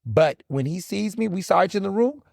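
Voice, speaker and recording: A man's voice: high-pitched, animated, a little fast, vocal fry, a little mellow, no room sound, studio quality. A man from the American South hosting a solo podcast, talking bluntly and animatedly, swearing freely and acting out encounters. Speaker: podcast host. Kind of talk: casual solo commentary.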